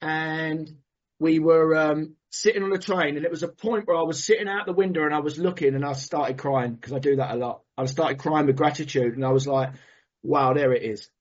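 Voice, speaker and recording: Husky man sharing from the heart. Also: fairly high pitch, steady tone, fairly quick, dull audio. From Brighton, England. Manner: heartfelt, rambling, self-interrupting. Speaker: recovery meeting speaker. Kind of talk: personal share and prayer.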